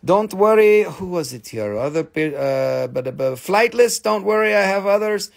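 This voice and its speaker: High, gravelly man hawking stones live. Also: expressive, normal speed. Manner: joking, teasing banter while calling prices. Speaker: host selling stones on a live stream. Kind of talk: live sales stream chat.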